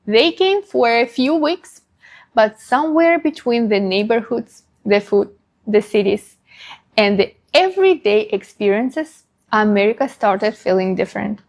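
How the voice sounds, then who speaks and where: Female narrator, scripted, measured, highish voice. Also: animated, darkish tone.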